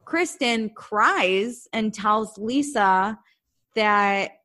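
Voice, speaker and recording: A woman co-hosting a casual chat, recapping a reality show and acting out the cast's lines. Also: mid-range voice. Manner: animated, acts out quotes in quick bursts. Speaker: recap podcast co-host.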